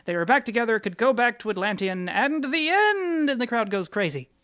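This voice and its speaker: Podcast co-host, man, quick rambling storyteller, dry close mic. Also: high voice, fairly bright tone, clear, resonant tone, no echo. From city-raised American. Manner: rambling storyteller, many restarts. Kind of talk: casual chat.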